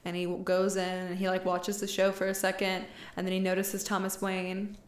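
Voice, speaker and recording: A woman's voice: medium pitch, fairly quick, slight background noise. A young woman co-hosting a podcast, chatting casually as she recaps a film and acts out the characters' lines. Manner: animated, retells scenes by acting out lines. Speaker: podcast co-host. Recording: echoey room.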